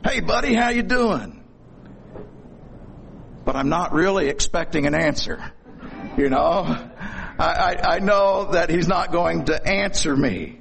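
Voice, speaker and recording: A middle-aged man delivers a sermon in a folksy, storytelling manner with a corny sense of humor. His voice sits a little high for a man. A faint background noise runs under the recording. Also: measured pace, gravelly, a bit bright. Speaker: preacher.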